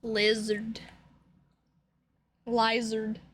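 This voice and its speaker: A woman streamer with a high voice, chatting in a goofy, rambling way while playing a game. Her tone is bright, and there is a faint hiss behind her. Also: monotone, drawn-out words. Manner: goofy, rambling, jokey, lots of laughing. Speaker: streamer playing a visual novel. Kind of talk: casual streaming chat. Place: home room.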